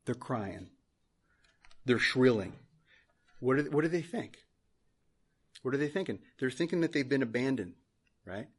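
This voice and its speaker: A man's voice: mid-range voice, animated, a little slow, long pauses, slightly rough. A male pastor preaching a sermon in church, earnest, repeating phrases for emphasis.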